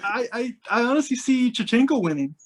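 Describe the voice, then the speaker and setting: A man with a notably high voice talks in a loose, unscripted podcast chat. He circles his points with plenty of fillers and restarts, his words tumbling out as he thinks aloud. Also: expressive, brisk. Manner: rambling, many fillers and restarts. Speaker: podcast co-host. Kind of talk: casual podcast discussion.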